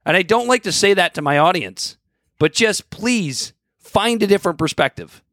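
A man co-hosting a podcast from his home studio, his voice swinging high and low as he talks. He sits slightly above average pitch, and the room sounds dry and close. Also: moderate pace, no room sound. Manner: animated, rants with sharp swings in pitch. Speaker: podcast co-host. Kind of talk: casual podcast chat.

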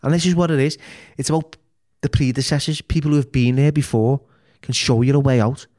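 A man's voice: medium pitch, fairly even intonation, brisk, a little mellow. Blunt, sweary man. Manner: blunt and sweary, restarts a lot. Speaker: podcast guest. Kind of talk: candid interview talk.

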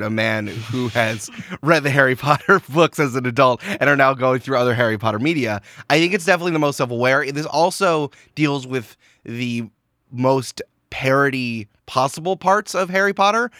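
A man guesting on a podcast, chatting casually in a jokey, animated way and laughing often. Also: medium pitch, moderate pace, no echo, clean studio sound.

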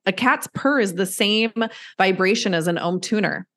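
A woman's voice: mid-range voice, moderate pace, fairly bright tone. A woman guest on a podcast, an animal intuitive, explaining things in an earnest, fond, conversational way. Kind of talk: interview conversation.

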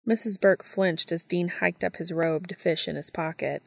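A woman narrating a fan fiction story as an audiobook in a steady, even reading voice. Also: on the low side, normal speed, gravelly, hardly any pauses, dry recording, clean studio sound.

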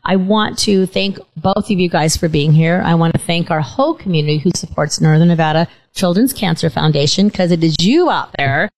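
A woman's voice: on the low side, brisk, few pauses, a little mellow, low-quality recording. A middle-aged woman hosting a casual interview show, telling stories in a chatty way with an occasional stutter. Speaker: talk show host.

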